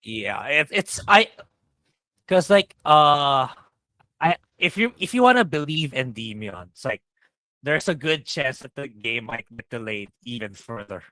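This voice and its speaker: A man's voice: medium pitch, animated, a little slow, bright, forceful tone, no echo. A man co-hosting a podcast over a lagging video call, rambling and scoffing with many fillers. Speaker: podcast co-host. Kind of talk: casual chat. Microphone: video call on a lagging connection.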